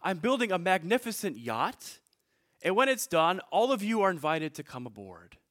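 A shrewd old boatmaker from a storybook who speaks in an even, matter-of-fact way, as a man reads him aloud. His voice has a lively lift to its pitch, and he stays calm and stubborn throughout. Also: normal speed.

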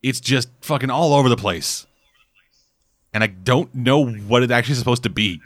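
A man's voice: medium pitch, moderate pace, fairly bright tone, no room sound. A man hosting a casual podcast, talking in a rambling, sarcastic way and swearing often. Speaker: podcast host.

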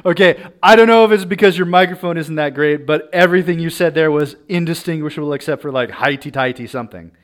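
A man's voice: on the high side, quick pace, hardly any pauses. Chatty male podcast storyteller. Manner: chatty, often laughing, checks in with "right?". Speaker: podcast host telling a true-crime story. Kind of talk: casual storytelling chat.

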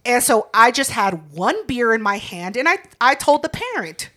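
A woman trades profane stories in a casual chat, animated and quick to laugh. Her voice sits high and swings widely, with a bright edge.

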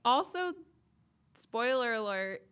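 A young woman co-hosts a casual podcast, her voice sitting a little high. She talks in an animated, laughing way and swears freely. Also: slow pace, clear, resonant tone. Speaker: podcast co-host. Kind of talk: casual chat.

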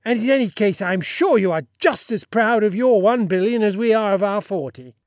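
Raising his voice above its natural pitch, a man reads the part of a boastful, pompous little Sultan who talks bossily and smugly in a story. The voice is high and a little mellow, with lively intonation at normal speed. It's a dry, studio-quality recording.

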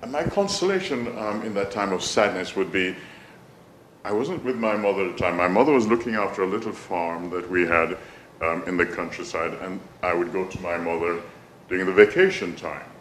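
A man from Jamaica, telling a personal story in a soft, musing way with some gentle self-mockery. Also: deep voice, a little fast, echoey room, a little hiss or hum, rough recording.

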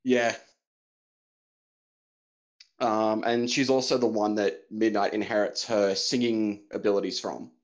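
A man's voice: on the low side, flat delivery, measured pace, pauses often. An Australian man who talks as a podcast guest in an easygoing, hesitant way, with many ums. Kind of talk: casual chat.

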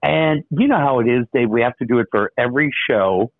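A radio host in easy, rambling chat, trailing off with relaxed filler pauses as he spins stories. His voice comes through thin and narrow, like a phone line. The sound is dry, with no room to it. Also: medium pitch, no room sound. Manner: storytelling, easygoing with filler "uh". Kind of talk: casual radio chat, telling jokes.

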